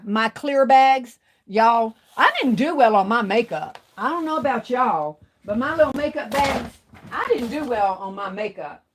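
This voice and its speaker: A woman, chatting casually with viewers on a craft livestream and drawing out her words. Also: fairly high pitch. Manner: chatty, drawn-out, talks to viewers. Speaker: craft vlogger.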